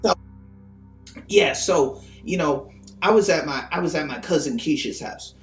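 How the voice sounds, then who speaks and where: A man voicing a brash, foul-mouthed woman on a city bus, talking loud and brazen. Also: fairly high pitch, expressive, a little slow. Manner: loud, brazen, swaggering street talk. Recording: roomy, distant mic, faint music.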